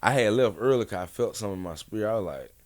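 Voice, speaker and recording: A man's voice: on the low side, expressive, racing. A man, a rapper guest on a casual podcast interview, telling stories in a laid-back, slangy, rambling way. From Atlanta, USA.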